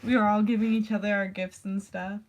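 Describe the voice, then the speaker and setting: A woman's voice: mid-range voice, little pitch movement, a little fast. A woman chatting casually in a vlog, rambling with lots of "like" and casual swearing. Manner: rambling, full of "like" fillers. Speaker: vlogger. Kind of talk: casual chat.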